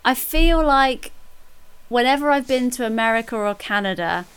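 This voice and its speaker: A woman's voice: fairly high pitch, animated, moderate pace, a bit bright, smooth. A young English woman chatting casually on a podcast, joking as she lays out plans. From England. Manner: playful, jokey storytelling. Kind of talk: casual chat.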